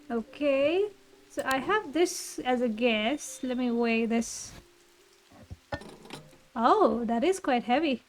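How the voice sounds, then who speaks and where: A woman's voice: on the high side, expressive, extremely slow, faint music behind, rough recording. A woman thinking aloud through a blind playthrough of a puzzle game. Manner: thinks aloud, muses softly. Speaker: game streamer.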